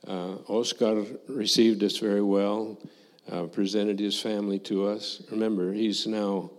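Older man, former missionary, lowish voice, unhurried reflective testimony, echoey hall. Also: little pitch movement. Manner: slow, reflective storytelling with quoted dialogue. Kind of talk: personal testimony to a congregation.

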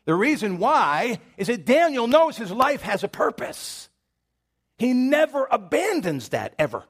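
A man's voice: high-pitched, huge pitch swings, normal speed, a bit bright, breathy edge. A man preaching a sermon in a conversational storytelling manner, addressing the congregation directly.

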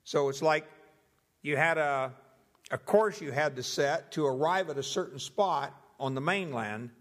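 A young man preaching, teaching through a Bible passage in a measured, deliberate way and going through its translations one by one. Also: a little high, fairly bright tone, big-room sound. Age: young adult. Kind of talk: expository Bible sermon.

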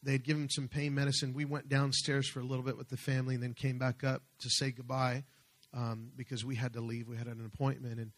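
A man preaching a sermon as pastor, fervent, slowing and swelling as he reads scripture. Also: medium pitch, monotone.

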